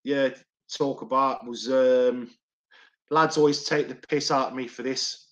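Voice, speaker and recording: A man's voice: mid-range voice, steady tone, a little slow. A middle-aged man, a former doorman, telling stories to a podcast host in a rambling, repetitive way and swearing often. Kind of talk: casual storytelling.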